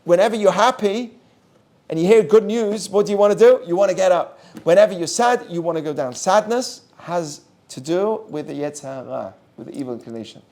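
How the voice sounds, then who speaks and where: A man teaching a class as a rabbi, animated, asking his listeners questions and mixing in Hebrew terms. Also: high-pitched, brisk. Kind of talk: lively Torah class.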